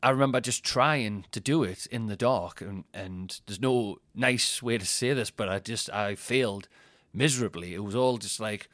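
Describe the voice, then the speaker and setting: A man's voice: fairly low pitch, normal speed, fairly bright tone, no room sound. A man, telling rambling, self-mocking stories on his podcast and laughing at his own jokes. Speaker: comedian and podcast host. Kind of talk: casual anecdotal chat.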